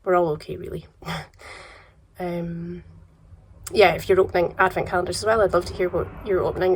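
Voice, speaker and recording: A Scottish woman vlogging casually about yarn and advent calendars, her voice croaky from a cold, relaxed and chatty with soft trailing asides. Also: on the low side, slight background noise. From Scotland. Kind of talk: casual chat to camera.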